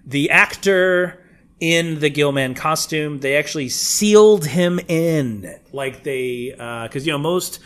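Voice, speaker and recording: A man's voice: a little high, slow pace, a bit bright. A man co-hosting a podcast, joking, laughing often and swearing freely in casual chat. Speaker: podcast co-host.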